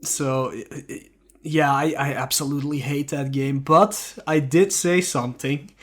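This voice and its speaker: A man co-hosting a casual podcast, speaking in a dry, unhurried way and chuckling often. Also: mid-range voice. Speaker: podcast co-host. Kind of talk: casual chat.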